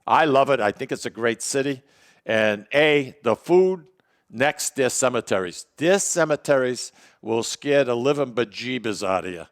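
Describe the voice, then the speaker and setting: A man's voice: mid-range voice, animated, moderate pace. A man co-hosting a casual talk show, telling long, rambling stories and teasing his partner. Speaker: co-host.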